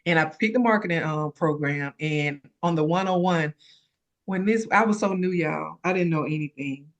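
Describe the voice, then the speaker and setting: A woman telling an emotional personal story about starting her business, animated and close to tears. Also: low voice, moderate pace. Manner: animated storytelling, acts out others' voices. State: tearful. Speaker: credit repair consultant sharing her story.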